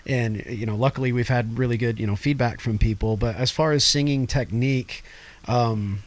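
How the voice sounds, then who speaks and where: Male guest vocalist, mid-pitched, talkative and laughing easily; casual interview. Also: normal speed. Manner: laughs often, animated and talkative.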